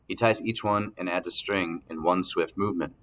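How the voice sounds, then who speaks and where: Deep voiced guy narrating an audiobook, calm even storytelling. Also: moderate pace, slight background noise. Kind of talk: first-person audiobook narration.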